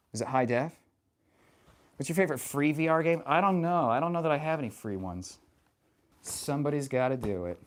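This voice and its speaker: A man live-streaming in casual chat, answering viewers in a rambling, profane way full of fillers, and getting animated when he rants. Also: mid-range voice. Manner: animated and passionate when ranting.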